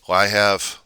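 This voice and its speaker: A man's voice: on the low side, bright, forceful tone, clean tone, no room sound. A man delivering an angry, blunt, profanity-laden vlog rant. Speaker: vlogger. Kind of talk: angry ranting monologue.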